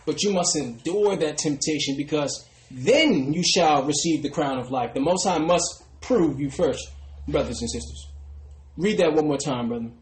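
A man preaching a sermon who often trails off into a soft "brothers and sisters". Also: fairly high pitch, animated, moderate pace, roomy sound, rough recording. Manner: ends phrases with a dropping, quiet "brothers and sisters". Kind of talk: street sermon.

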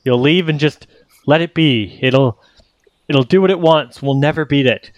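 A man's voice: a little high, normal speed, dry recording, muffled recording, lightly acted. A man voicing a grizzled old drunk who is fearful and full of doom. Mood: grim.

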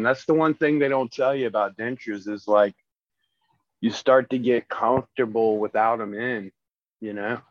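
A man on a podcast talking in casual chat, with a slight lisp from missing teeth and a halting way of speaking full of fillers. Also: medium pitch, no echo. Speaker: returning podcast guest. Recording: dry, dull lo-fi sound.

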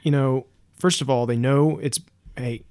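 A man co-hosting a podcast in casual chat, talking in a relaxed, hesitant way with many fillers. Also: medium pitch, measured pace, a little hiss or hum. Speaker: podcast co-host.

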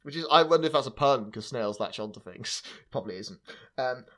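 A man of middle pitch chats casually as a podcast host. He is wry and sarcastic, and his talk is loose and full of "um"s. He laughs easily between his points. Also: animated, brisk, fairly bright tone. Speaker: podcast host sharing film trivia. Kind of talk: casual chat.

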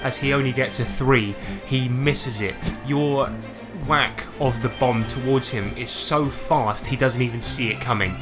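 A man narrating a tabletop game as game master, playful and excitable. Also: medium pitch, unhurried, over music.

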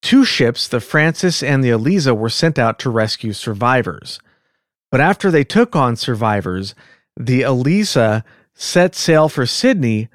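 A man with a Californian accent hosting a podcast in casual chat, rambling and quick to laugh. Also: medium pitch, no echo, studio quality. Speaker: podcast host.

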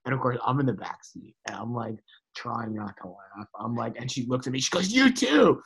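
A man's voice: medium pitch, fairly even intonation, brisk, fairly bright tone, husky, poor audio. A man co-hosts a casual podcast and tells stories animatedly. He peppers his talk with "like" and "dude" and swears easily. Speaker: podcast co-host.

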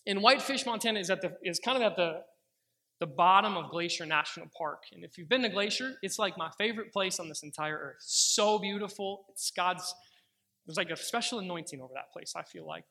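A young man giving a sermon, telling a personal faith story earnestly and slowing down for the prayers he quotes. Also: high voice, sharp tone. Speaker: pastor.

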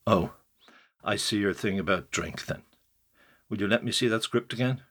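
A man's voice: on the low side, normal speed, fairly bright tone, slightly rough. A man voicing a fiery, mocking older male actor who holds forth in a roaring, emphatic way. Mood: moved.

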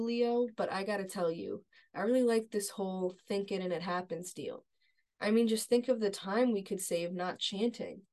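A woman co-hosting a podcast, retelling a TV episode scene by scene in a relaxed, chatty way. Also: mid-range voice. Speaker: podcast co-host. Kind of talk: casual recap chat.

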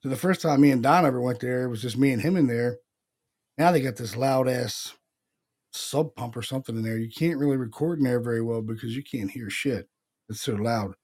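A man's voice: mid-range voice, brisk, darkish tone, breathy edge. A man hosting a paranormal podcast in a laid-back, casual way, swearing and laughing often. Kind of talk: casual chat.

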